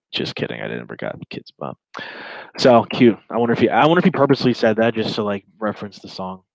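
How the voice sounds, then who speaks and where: A man's voice: lowish voice, huge pitch swings, fairly quick, vocal fry, dry recording, low-quality recording. A man in his twenties giving casual, rambling reaction commentary while reading a chat log, with sarcastic asides.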